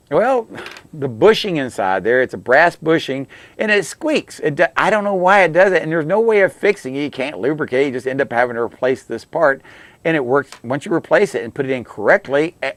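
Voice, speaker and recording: A man's voice: mid-range voice, dry recording. A middle-aged man in a plain mid-range voice, talking through car repairs in a folksy, down-to-earth way and often repeating himself. The sound is dry and close, with no room around it. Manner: folksy, repetitive, plain-spoken advice. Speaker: radio show host, auto technician. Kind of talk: call-in radio car advice.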